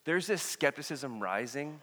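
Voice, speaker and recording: A man preaching a sermon with a bright, forceful voice. He moves from loud, acted-out dialogue to hushed reflection. His words carry a long reverb, as in a large hall. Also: fairly high pitch, measured pace. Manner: animated, acts out the people in the story with voices. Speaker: pastor.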